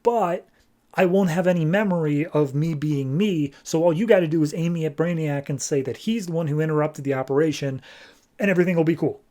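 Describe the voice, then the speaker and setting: Man doing desperate scientist father, urgent, pleading, slightly raised pitch. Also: fairly quick, mellow, natural voice.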